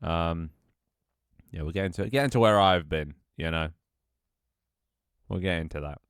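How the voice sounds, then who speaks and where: Worn-out guy on stream, deep smooth voice, sweary offhand chatter, dry close mic. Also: normal speed, no room sound. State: tired and out of breath. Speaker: Twitch streamer. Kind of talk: casual livestream chat.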